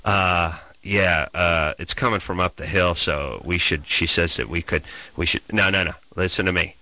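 A man telling a comic story as a profane, exasperated rant that swings into loud shouted bits. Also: sits low, normal speed.

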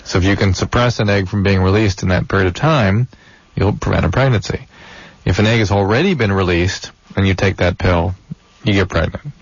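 A man's voice: low voice, brisk, breathy edge, dry recording. A man hosting a call-in advice radio show, answering callers in a matter-of-fact, reassuring way. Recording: muffled radio broadcast audio.

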